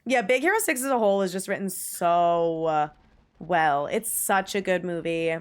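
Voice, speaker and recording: A woman's voice: on the low side, expressive, moderate pace, clear, resonant tone. A woman streaming live, chatting casually with viewers and gushing emphatically, with the odd swear. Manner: gushing, emphatic, swears, reads chat aloud. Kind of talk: casual livestream chat.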